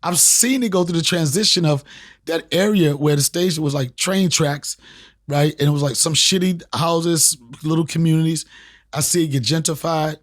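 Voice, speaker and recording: A comedian and podcast host sits down for a casual chat. He tells his stories in an animated, emphatic way, with a lot of swearing and with phrases repeated for punch. His voice sits a little high for a man. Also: moderate pace. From Washington, D.C. area. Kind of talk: casual storytelling in an interview.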